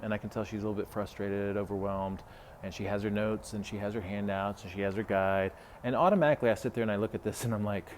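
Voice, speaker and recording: A man's voice: fairly low pitch, a little mellow, slight background noise. A man talking casually as a health coach, retelling a client conversation with lots of fillers and asides. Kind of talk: casual podcast talk.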